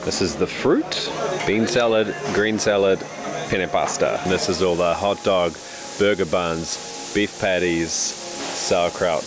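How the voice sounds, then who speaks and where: A young man with a New Zealand accent, chatting and describing food on location as he films his travel vlog aboard a cruise ship. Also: deep voice. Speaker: travel vlogger. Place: aboard a large cruise ship, indoors and on deck. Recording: loud ambient ship noise.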